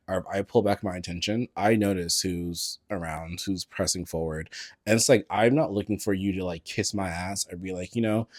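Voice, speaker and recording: A sassy, animated man hosts a casual podcast, leaning hard on slang and swearing. His voice sits low and deep. The sound is dry and close, with no room around it. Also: dry recording. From San Francisco Bay Area. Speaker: podcast host. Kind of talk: casual solo podcast chat. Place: indoors at a table, on camera.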